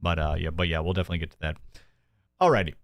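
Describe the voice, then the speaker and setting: A man's voice: deep voice, fairly even intonation, racing, no room sound, studio quality. A man hosting a casual livestream news show, sarcastic and mocking, reading viewer donations aloud.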